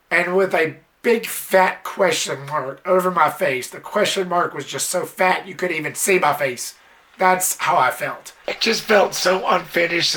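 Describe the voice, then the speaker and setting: A movie reviewer giving a casual, blunt spoken film review, exasperated and swearing a little, sometimes jumping into high squealing impressions. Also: pushed and bright. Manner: mimics characters in sudden high squeals.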